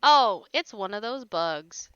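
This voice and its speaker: A woman's voice: medium pitch, lively intonation, takes it slowly, a bit bright, clean tone, no room sound, muffled recording. A woman hosting a casual livestream, chatting with viewers and teasing them playfully, laughing often. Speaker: livestream host.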